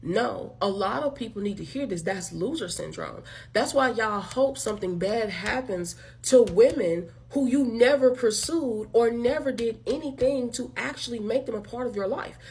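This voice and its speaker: A woman's voice: a little high, moderate pace, few pauses, darkish tone. Blunt, fired-up woman ranting to viewers. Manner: blunt, emphatic, profane, addresses listeners as y'all. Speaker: channel host. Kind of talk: direct-to-camera commentary rant.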